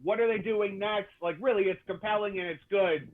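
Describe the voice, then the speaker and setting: High-voiced man on a tinny line. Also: a little fast. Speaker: podcast guest. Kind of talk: casual wrestling chat.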